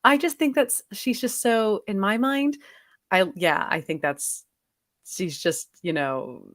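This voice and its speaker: A woman co-hosting a casual film podcast, expressive and often hesitant, gasping and laughing. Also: medium pitch, slow pace, no echo, studio quality. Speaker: podcast co-host.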